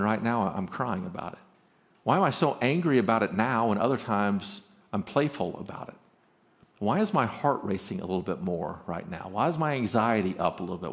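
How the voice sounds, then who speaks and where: A man speaking at a marriage conference, animated, acting out both spouses in quoted lines and restarting words quickly. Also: mid-range voice.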